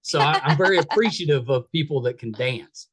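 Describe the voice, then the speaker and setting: A man's voice: a little high, animated, a little fast. A man with a West Virginia accent hosting a podcast interview, friendly and self-deprecating. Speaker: podcast host. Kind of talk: casual interview chat.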